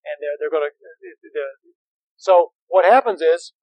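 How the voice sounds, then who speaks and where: A man's voice: fairly high pitch, animated, a little slow, a little mellow, no room sound, low-quality recording. A man who is a priest and therapist, lecturing seminarians in a conversational, anecdotal way with wry humor.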